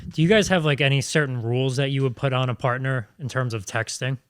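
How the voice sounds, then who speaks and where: A man's voice: mid-range voice, fast talker, clean tone, no room sound, clean studio sound. A man co-hosting a podcast, reading out listener questions and chatting in a plain, matter-of-fact way.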